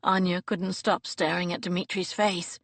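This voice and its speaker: A woman's voice: fairly low pitch, unhurried, no room sound. Woman reading an audiobook, dry. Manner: expressive, dramatic reading. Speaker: audiobook narrator. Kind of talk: scripted narration. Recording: dry close studio recording.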